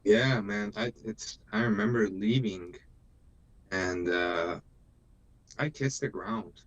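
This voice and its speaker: A man's voice: on the low side, expressive, slow pace, gravelly. A man in his thirties, born in Iran, chatting emotionally and laughing often on a live stream. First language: Persian. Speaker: co-host. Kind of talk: casual live-stream chat.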